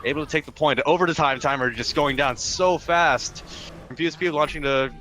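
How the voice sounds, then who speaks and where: A man giving fast live play-by-play commentary on an esports match in clipped phrases. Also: a little high, pushed and bright, soft background music. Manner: rapid play-by-play, clipped phrases, quick restarts.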